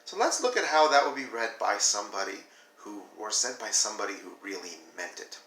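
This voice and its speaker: A male teacher giving a video lesson, animated and demonstrating flat versus expressive reading aloud. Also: on the low side, a little fast, echoey room, far from the mic, poor audio.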